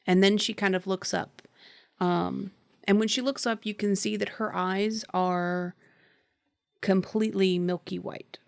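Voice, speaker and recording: Gravelly woman game master. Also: mid-range voice, no room sound, studio quality. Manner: descriptive, many filler ums. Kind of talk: narrating a tabletop game.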